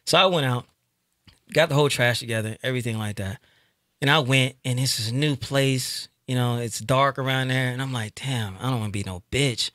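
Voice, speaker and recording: A man telling a long, profane, animated comic story in casual chat with friends. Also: medium pitch, fairly quick, no echo, studio quality.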